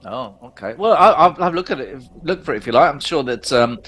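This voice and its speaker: A man's voice: mid-range voice, animated, quick pace, a bit bright. A man hosting a podcast in casual chat, rambling and chatty, recorded at home. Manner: chatty, rambling, lots of fillers and restarts. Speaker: podcast host.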